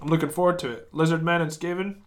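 A man's voice: on the high side, fairly even intonation, fast. A man co-hosting a podcast, talking enthusiastically about fantasy games and laughing often. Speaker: podcast co-host. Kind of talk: casual chat.

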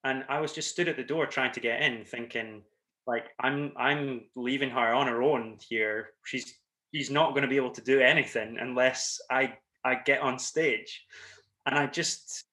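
A man's voice: mid-range voice, steady tone, moderate pace, bright, forceful tone. A man in a musical theatre cast, telling a sheepish, self-mocking story in casual chat.

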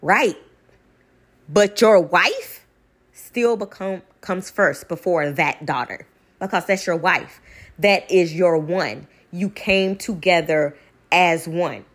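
A woman speaking in a casual storytelling monologue, emphatic and animated, and she repeats her points for stress. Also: fairly low pitch, slow pace. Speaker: vlogger; caregiver in medical field.

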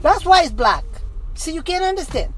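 Street interviewee: man with a high voice and an intense, insistent delivery that keeps repeating itself; faint traffic noise behind. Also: very animated, normal speed, fairly bright tone, low-quality recording. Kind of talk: emotional personal testimony.

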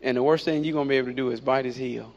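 A man preaching a sermon, animated and repetitive, with playful asides. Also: medium pitch, rapid-fire, vocal fry. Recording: dull lo-fi recording.

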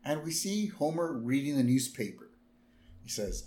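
A man's voice: mid-range voice, moderate pace, roomy sound. A man co-hosting a podcast, casually recapping a cartoon episode and jumping into character voices. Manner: animated, jumps into character voices. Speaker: podcast co-host.

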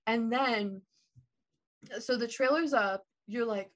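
A woman co-hosting a casual film chat, talkative and quick to laugh, with some swearing. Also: on the high side, fairly bright tone. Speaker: podcast co-host. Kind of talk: casual chat about films.

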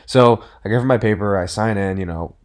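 A young man in his twenties talks casually on his podcast, his voice sitting a little low. He rambles, restarts his sentences and piles up fillers as he acts out the back-and-forth of a story. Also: a little fast. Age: 20s. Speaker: podcast host.

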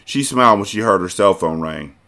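Lively low-voiced man reading aloud. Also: brisk. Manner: breaks off to joke and comment. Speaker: podcast host reading a novel aloud. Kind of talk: casual audiobook reading with commentary.

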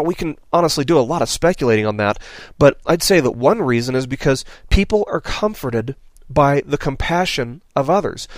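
A man's voice: fairly high pitch, no echo. Earnest male preacher, dry close sound. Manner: earnest, rhetorical questions, drops soft on key phrases. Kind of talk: sermon.

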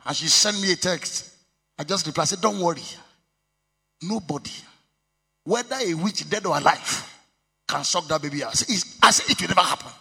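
Nigerian pastor, male, bright gravelly voice, sing-song sermon cadence with shouted peaks. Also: a little high, moderate pace, pauses often. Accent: Nigerian, Yoruba. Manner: code-switching, bursts of shouting, sing-song emphasis. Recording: long reverb of a hall.

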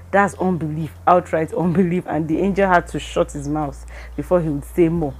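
Her voice sits low, a little fast, with a breathy edge: a Nigerian-accented Christian speaker sharing a casual devotional. She stays animated throughout, voicing bits of dialogue and tossing in pidgin phrases.

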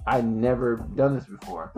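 A man's voice: medium pitch, normal speed, music in the background. A man hosting a podcast in casual chat, telling a story animatedly with plenty of swearing and acted-out quotes. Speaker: podcast host.

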